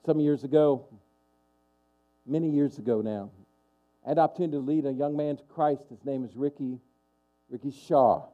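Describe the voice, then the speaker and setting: Impassioned pastor preaching, dull sound. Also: male voice, mid-range voice, normal speed, long pauses. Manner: impassioned preaching with call-and-response asides. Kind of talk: sermon.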